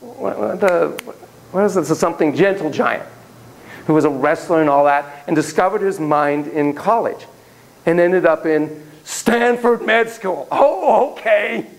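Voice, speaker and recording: A man's voice: a little high, unhurried, gravelly, rough recording. A man giving a classroom lecture on parenting, acting out quoted voices and digressing with laughter. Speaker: psychology lecturer.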